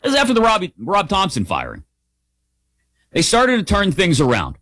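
A male sports radio host riffs on the pennant race in a lively, swinging voice that jumps up and down as he makes his points. The studio sound is dry and close, with no room echo. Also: high voice, moderate pace. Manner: animated, conversational, opinionated. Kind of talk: opinionated sports talk monologue.

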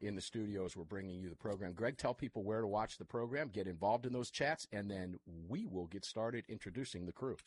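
A man hosting a live talk radio show from his studio, chatty and energetic, with quick asides to his guests. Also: fairly low pitch, slightly rough. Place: studio full of electronic equipment. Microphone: studio microphone.

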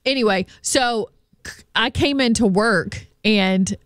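A woman's voice: mid-range voice, clean tone, dry recording. A woman co-hosting a radio morning show, telling chatty stories in casual on-air banter from the studio. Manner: chatty storytelling, quick to laugh along. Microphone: studio microphone.

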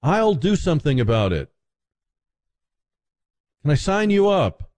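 A man voicing an eager male political candidate making an earnest sales pitch to sign people up. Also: big pitch swings, a little slow, darkish tone.

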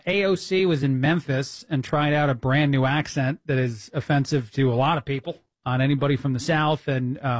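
Guy filling in on a talk radio show, kinda high voice, dead dry studio sound, lots of uhs, riled up. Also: no echo. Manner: fast, indignant, many "uh" fillers and restarts. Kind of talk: opinionated talk radio monologue. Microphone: studio mic.

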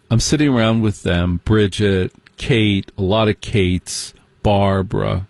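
Man, stand-up storytelling, wry and mocking, low voice, dry close sound. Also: gravelly, darkish tone, dry recording. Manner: wry, mocking, slips into quick impressions of others. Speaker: comedian telling a personal story.

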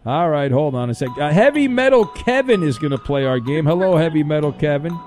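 A man's voice: fairly high pitch, animated, fairly quick, a little mellow, faint music behind. A man hosting a sports radio show and running a quiz game, teasing the players as he goes. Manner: playful, teasing quizmaster. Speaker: radio host.

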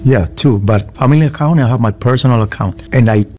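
A man's voice: mid-range voice, fast talker, a little mellow, faint music behind, close to an everyday voice. A man acting a panicked young man who swears and pleads with a friend for a money wire, in a played prank clip. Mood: pleading.

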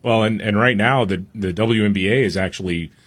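A man's voice: on the low side, fairly quick, fairly bright tone. A man hosting a talk radio show, giving his opinions in a wry, casual way.

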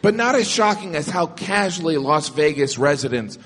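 A man doing stand-up comedy, animated and shouting his punchlines. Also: fairly high pitch, moderate pace. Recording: echoey noisy club with loud crowd.

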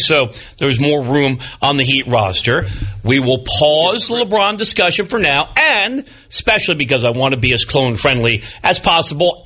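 Animated older man hosting sports talk. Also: on the high side, breathy edge. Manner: animated, opinionated, with wry self-deprecating asides. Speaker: sports talk show host. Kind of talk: sports talk radio commentary. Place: broadcast studio. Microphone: studio microphone.

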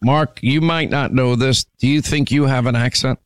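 A man's voice: medium pitch, fairly even intonation, moderate pace, dry recording. A man hosting a political talk radio show, firm and opinionated, often restarting his sentences as he argues his points. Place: radio studio.

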